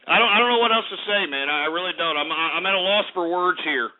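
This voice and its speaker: A man's voice: sits high, fast talker. A man hosting a call-in radio show, ranting in an exasperated way, swearing and repeating himself. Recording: tinny phone-line quality.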